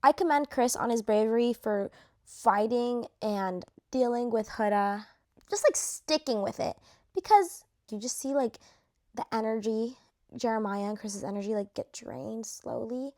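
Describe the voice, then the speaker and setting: A woman's voice: fairly high pitch, measured pace, darkish tone. A young woman chatting casually to camera while ranking reality show contestants, full of fillers and slang.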